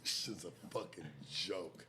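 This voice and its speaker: A man bantering casually and teasing in loud jabs. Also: low-pitched, measured pace, a little hiss or hum.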